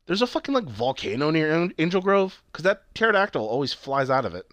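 A man's voice: on the high side, very animated, fast talker, fairly bright tone, no echo. A man co-hosting a casual chat about a TV show, rambling and swearing, with lots of fillers and restarts. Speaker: podcast co-host.

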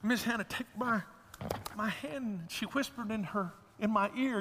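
A man's voice: high voice, moderate pace, big-room sound, noisy background. A man preaching a sermon as a pastor, folksy and humorous, telling stories to his congregation.

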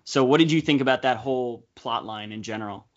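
A young man hosting a casual movie podcast, talking fast with quick asides. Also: mid-range voice. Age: young adult. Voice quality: chatty, quick asides, frequent laughs. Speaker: podcast host. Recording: slightly dull podcast audio.

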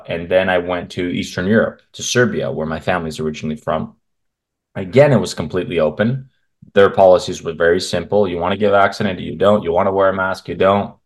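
Deep-voiced blunt man, opinionated guest. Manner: blunt, opinionated, talks in long rambling runs. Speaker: men's health coach, guest. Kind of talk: casual interview conversation. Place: at home in Canada.

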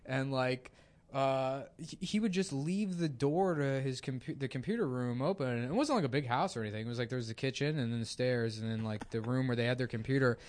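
A man's voice: medium pitch, a little fast, a little mellow. Male podcast host, mid-range voice, loose rambling storyteller, casual chat. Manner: rambling anecdotes full of fillers, breaking into laughter.

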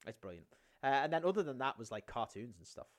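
A man telling stories in casual podcast chat, animated and swearing a lot, acting out scenes. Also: medium pitch, fast talker. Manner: animated storytelling, swears often, acts out scenes. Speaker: podcast co-host.

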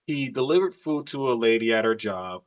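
Male podcast co-host, mid-pitch, profane emphatic storyteller, casual chat. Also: animated, a little fast.

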